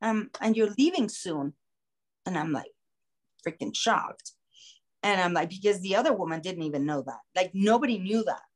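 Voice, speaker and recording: A woman podcast host telling a story in a casual, animated way, acting out the voices of the people in it. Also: fairly low pitch, moderate pace. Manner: animated, acts out quoted voices. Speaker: singer.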